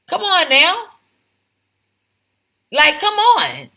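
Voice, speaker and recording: A woman's voice: high voice, lively intonation, takes it slowly, long pauses, pushed and bright. A woman giving opinionated vlog commentary, talking emphatically and firing off rhetorical questions. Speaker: commentary vlogger. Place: home, lives in Texas.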